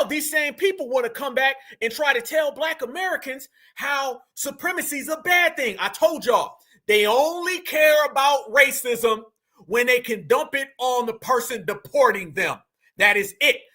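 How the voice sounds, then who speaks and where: A man with a very high, bright, sharp voice hosts a reaction commentary show. He talks straight to his viewers in animated slang, pausing a clip to argue back at it. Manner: animated, addresses audience directly with slang. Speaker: commentary host.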